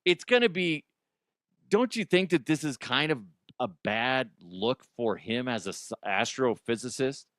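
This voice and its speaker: A man's voice: mid-range voice, expressive, unhurried, a bit bright, no room sound, clean studio sound. A man hosting comedic news commentary, rambling, jokey and profane. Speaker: host.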